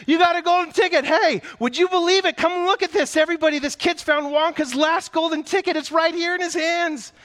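A man voicing an excitable male shopkeeper who shouts in high, frantic bursts while reading a story aloud. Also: moderate pace, hardly any pauses. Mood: ecstatic shouting.

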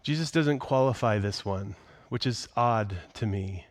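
A middle-aged man preaching a sermon in a conversational way, dropping to hushed whispers on key phrases. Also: lowish voice, unhurried, dry recording, clean studio sound. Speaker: pastor.

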